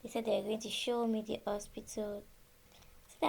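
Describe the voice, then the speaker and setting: A woman's voice: a little high, moderate pace, vocal fry. A woman from Nigeria, probably in her thirties, casually telling a personal story and acting out the conversations she had. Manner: animated, reenacts conversations with quoted dialogue. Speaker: storyteller sharing her birth experience.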